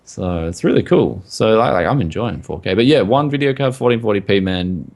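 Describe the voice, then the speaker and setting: A low-pitched man with a rough, gravelly voice, talking casually on a tech podcast. His pitch swings around a lot as he rambles, and his sentences are packed with "like" and "man". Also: expressive, brisk, darkish tone. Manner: rambling, full of likes and mans. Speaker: podcast co-host.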